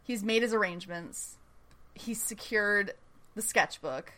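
Bright-toned woman host, loose and chatty, gushing through an episode recap. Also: medium pitch, unhurried. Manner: chatty and enthusiastic, often laughing, filler-heavy. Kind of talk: casual chat.

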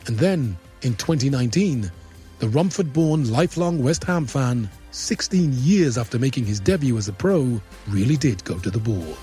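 A man narrates a sports documentary from a script. His delivery is measured and dramatic, and faint music sits underneath. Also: mid-range voice, animated, mellow. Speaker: documentary presenter.

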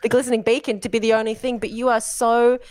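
A woman's voice: a little high, level tone, fast talker, a little mellow, dry recording. Effusive woman co-host. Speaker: podcast co-host. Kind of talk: casual chat.

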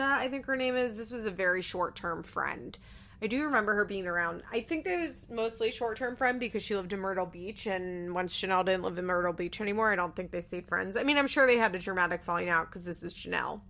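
A woman's voice: medium pitch, fairly bright tone. A woman giving casual, sarcastic commentary as she recaps a reality TV show, laughing often.

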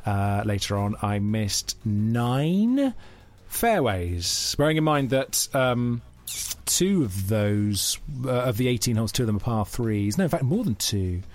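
A man's voice: on the low side, very animated, unhurried. A man co-hosting a podcast, telling self-deprecating stories in a rambling, casual way. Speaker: podcast co-host. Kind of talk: casual chat.

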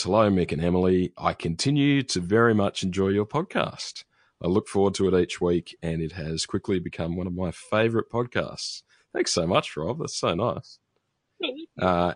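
A man's voice: low voice, dry recording, studio quality. A man co-hosting a podcast, chatting casually and reading out a listener's email, with many ums and restarts. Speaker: podcast co-host.

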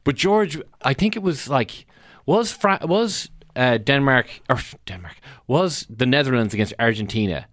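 A man with a mid-range voice that swings widely in pitch, teasing his co-host and telling stories with relish. The sound is dry and close-miked. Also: measured pace, dry recording. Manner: teasing, animated storyteller. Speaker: podcast host. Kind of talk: casual football chat.

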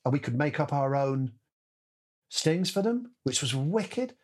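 A musical director chats informally as a guest, bringing his anecdotes to life by performing the voices and noises. His mid-range voice is husky and his pace measured.

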